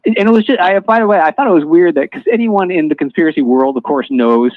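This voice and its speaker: Higher-voiced man telling a story, halting. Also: animated, no echo. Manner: halting, many fillers and restarts. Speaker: guest telling a personal story. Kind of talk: casual storytelling on a live audio chat. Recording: dull lo-fi online audio stream.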